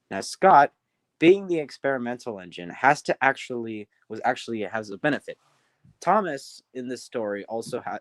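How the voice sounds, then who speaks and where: A man's voice: mid-range voice, no room sound. A man casually telling a story on a livestream, rambling with many restarts. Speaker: storyteller, streamer.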